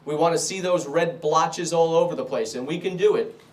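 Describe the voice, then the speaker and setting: A man's voice: a little high, a little fast, a little hiss or hum. Emphatic middle-aged New man. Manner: emphatic, repetitive stump-speech delivery. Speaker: political candidate. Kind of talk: rally speech and Q&A. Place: club meeting room.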